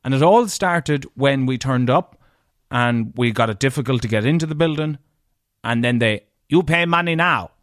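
A young Irish man hosting a podcast, telling crude, animated comic stories in a casual monologue. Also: medium pitch, normal speed, dry recording, clean studio sound. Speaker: podcast host.

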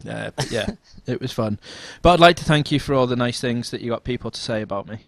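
Animated man telling a pub story. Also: fast talker, vocal fry, no echo. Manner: animated, jumps into high-pitched quoted voices. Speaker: podcast co-host. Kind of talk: casual chat, storytelling.

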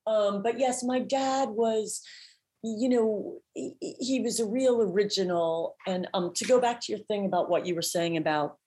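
A woman guest telling animated, chatty stories in an interview, full of restarts. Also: medium pitch, moderate pace. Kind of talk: storytelling in an interview.

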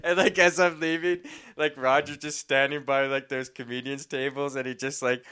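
Bright, chatty young male comedian. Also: mid-range voice, flat delivery, normal speed, clear, resonant tone. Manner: rambling, filler-heavy, laughing often. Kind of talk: casual storytelling.

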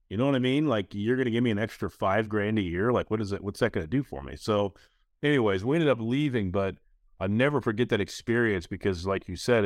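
A man in his thirties hosting a casual podcast, telling stories in an animated way. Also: lowish voice, dry recording, studio quality. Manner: animated storyteller, acts out quoted voices. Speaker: podcast host.

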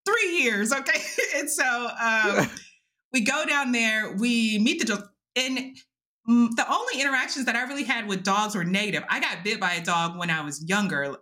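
Bright-voiced woman telling stories animatedly. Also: a little high, normal speed. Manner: animated, laughing, acts out quotes; casual with swearing and fillers. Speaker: podcast host. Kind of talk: casual storytelling chat.

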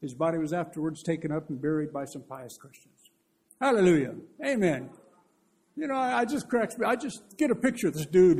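Husky-voiced man preaching a sermon. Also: high voice, brisk. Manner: lively storytelling, earnest. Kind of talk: conversational sermon.

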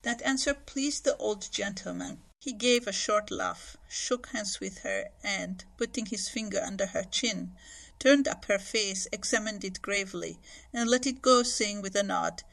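A woman reading a classic novel aloud as a podcast narrator, with steady, clear storytelling. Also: medium pitch, measured pace. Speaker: audiobook reader. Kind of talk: scripted narration.

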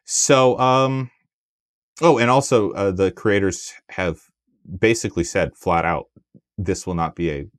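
A man co-hosting a podcast in casual chat, animated, with plenty of fillers and restarts. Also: low-pitched, unhurried, no echo, clean studio sound. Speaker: podcast co-host.

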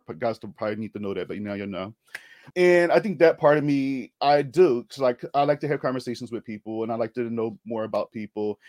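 A man's voice: mid-range voice, darkish tone, dry recording, clean studio sound. A young man co-hosting a podcast, casually retelling a film with lots of laughter and rambling asides. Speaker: podcast co-host.

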